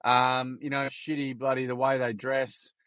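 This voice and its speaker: A man's voice: mid-range voice, a little slow, dry recording. Slangy Australian man telling stories. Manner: animated storyteller, slangy and swearing, frequent restarts. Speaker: podcast guest, youth workshop founder. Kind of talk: casual interview chat.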